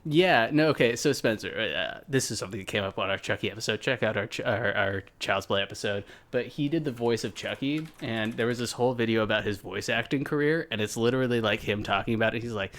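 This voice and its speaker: A man's voice: fairly low pitch, fast talker, few pauses, fairly bright tone. A young man co-hosting a podcast in casual chat, joking and swearing freely. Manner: profane, joking. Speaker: podcast co-host.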